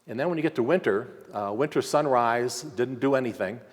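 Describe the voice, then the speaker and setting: A man's voice: mid-range voice, fairly quick. A man giving a conversational slide lecture at a symposium, pointing things out on screen with frequent fillers. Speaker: archaeology lecturer. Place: lecture hall. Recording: long hall reverb.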